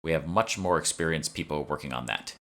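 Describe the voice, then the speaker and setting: A stern, curt man who dismisses nonsense with clipped lines, played by a narrator close to his own deep voice. The tone is low yet bright and forward. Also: a little fast.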